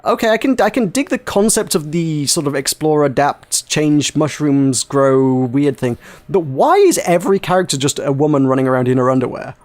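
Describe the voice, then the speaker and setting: A man's voice: fairly high pitch, expressive, normal speed, few pauses, a little mellow. A man hosting a casual video game podcast, rambling, laughing and swearing as he talks. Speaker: podcast host. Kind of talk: casual podcast chat about video games.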